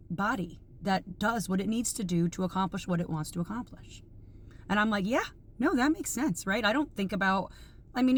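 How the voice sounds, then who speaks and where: A woman's voice: medium pitch, a little hiss or hum. A woman in her forties talking casually in a training journal vlog, chatty and rambling, openly emotional. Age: 40s. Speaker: vlogger.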